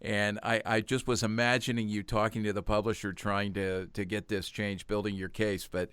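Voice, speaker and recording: A man's voice: on the low side, level tone, moderate pace, smooth, dry recording. A man hosting a podcast, enthusiastically thanking his guest and wrapping up the episode. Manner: warmly enthusiastic, repeats thanks. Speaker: podcast host. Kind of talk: casual chat, closing an interview.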